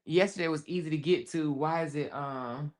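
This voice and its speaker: A woman's voice: sits low, normal speed, a little mellow. A woman hosting a casual commentary show, speaking emphatically, repeating her points and talking straight to her viewers. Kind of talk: casual commentary on a viral video.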